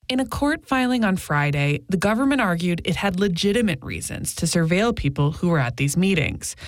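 A woman correspondent delivering a scripted radio news report in a measured, even way. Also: fairly low pitch, gravelly, dry recording.

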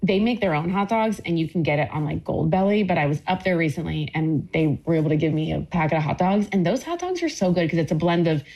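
A woman's voice: fairly low pitch, expressive, fast talker, few pauses, darkish tone. A woman talking about her cookbook in a casual interview, enthusiastic and rambling with lots of fillers. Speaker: cookbook author guest.

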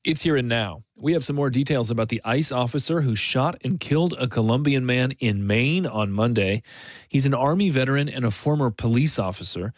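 A man hosting a radio news program, introducing a report in a steady, formal read. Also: medium pitch, brisk, no room sound, studio quality.

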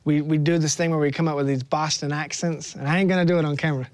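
A man's voice: a little high, steady tone, fast talker, no echo. Man, musician guest, rambling and self-deprecating, dry close studio sound. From Georgia, USA. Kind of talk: casual interview chat. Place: radio studio.

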